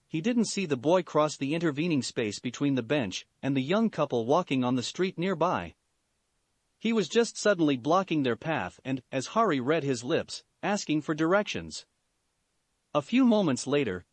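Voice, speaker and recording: A man reading fan fiction aloud as narrator, in an expressive way. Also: on the high side, no echo. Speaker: story reader.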